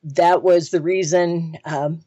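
A woman working as a hypnotist, answering interview questions in a thoughtful way with some pauses. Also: on the low side, steady tone, warm tone, breathy edge, dry recording, lo-fi sound. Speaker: hypnotist guest.

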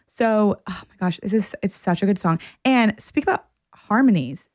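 A woman's voice: medium pitch, lively intonation, moderate pace, darkish tone, no room sound, studio quality. A woman co-hosting a podcast in casual chat, musing thoughtfully and easily. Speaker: podcast co-host.

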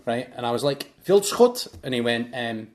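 A Scottish man, a football commentator, chats on a podcast in an animated, storytelling way. His voice sits at an ordinary pitch for a man, and he talks casually with lots of asides. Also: fast. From Scotland. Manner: animated storyteller, bursts into shouted goal commentary.

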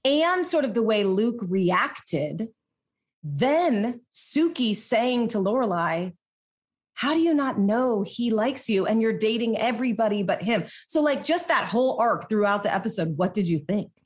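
A woman with a slightly high voice leads a casual podcast conversation. She talks in a relaxed, chatty way, peppering her sentences with "like". Her questions come out easygoing and conversational. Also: unhurried. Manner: relaxed, chatty, uses "like" a lot. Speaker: podcast host asking questions. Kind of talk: casual chat.

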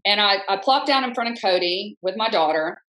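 A woman's voice: medium pitch, brisk, rough recording. A woman in her fifties talks as a podcast guest, her voice sitting in an ordinary middle register. She tells her story with energy and candor, slipping into other people's lines as she quotes them. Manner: animated, acts out quoted speech, frank. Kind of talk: conversational storytelling.

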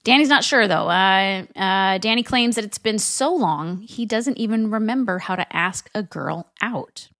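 A woman's voice: medium pitch, unhurried, few pauses, fairly bright tone, no room sound, clean studio sound. A woman podcast co-host in a casual recap chat, summarizing plot in a chatty way.

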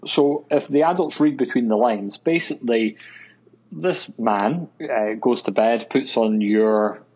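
A man's voice: medium pitch, measured pace, darkish tone, breathy edge. A man with a Scottish accent reading listener questions in casual chat, hesitant and full of fillers. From Scotland. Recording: dull lo-fi sound.

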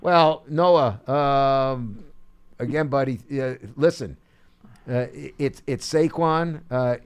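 A man's voice: mid-range voice, takes it slowly, smooth. Stammering sports radio host, man. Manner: excitable, stammering restarts. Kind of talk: call-in radio show.

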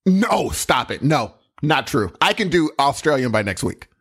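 A man's voice: medium pitch, very animated, normal speed, fairly bright tone, breathy edge. A man co-hosting a casual chat podcast, playful and laughing often. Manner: playful, laughs often, repeats words while puzzling. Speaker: podcast co-host and musician.

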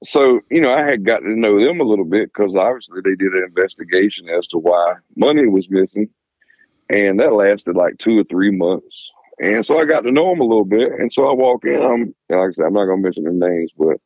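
A man's voice: lowish voice, animated, dry recording. A man, a police officer, tells his story in a casual interview, swearing, laughing and acting out what people said. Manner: profane, laughing, fast retelling of dialogue. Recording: dry, phone-like sound.

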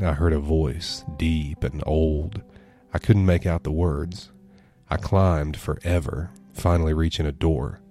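A man reading a horror story aloud as a podcast narrator, in a somber, measured way. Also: extremely low pitch, mellow.

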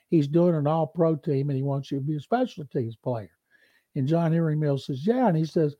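A man telling a long sports anecdote on a podcast, animated and acting out the quoted voices. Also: fairly high pitch, dry recording, lo-fi sound. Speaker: beat reporter and co-host.

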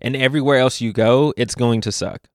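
A young man from Louisville, a podcast guest, telling animated stories in casual conversation with frequent laughs. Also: medium pitch, dry recording, clean studio sound. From Louisville, Kentucky. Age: young adult. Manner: animated storyteller, laughs often, quick asides.

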